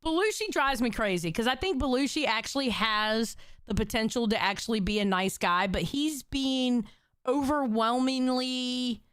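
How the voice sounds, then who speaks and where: A woman's voice: on the high side, normal speed, a bit bright, smooth, no room sound, studio quality. A woman co-hosting a casual chat show, blunt, emphatic and swearing freely. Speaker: co-host.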